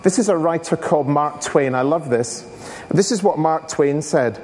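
A man's voice: fairly high pitch, moderate pace, darkish tone, a little hiss or hum. A man giving a school assembly talk, telling stories and asking the audience questions. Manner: storytelling, addresses audience with questions. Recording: long reverb of a hall.

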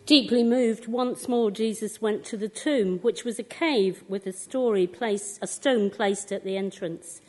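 A woman reading a scripture passage aloud in church, expressive and clear. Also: medium pitch, a little slow. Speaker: scripture reader.

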